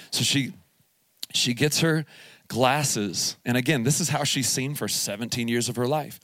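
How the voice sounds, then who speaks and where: A pastor in his forties preaches live in a youth camp meeting hall, animatedly telling a family story with humor and acting out the dialogue. His voice is medium-pitched and a little slow, and the recording is dry.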